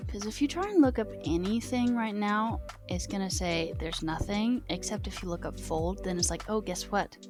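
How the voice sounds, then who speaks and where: A woman's voice: mid-range voice, normal speed, hardly any pauses, over music. A young American woman streaming from home, chatting casually with many fillers. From United States. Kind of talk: casual live-stream chat.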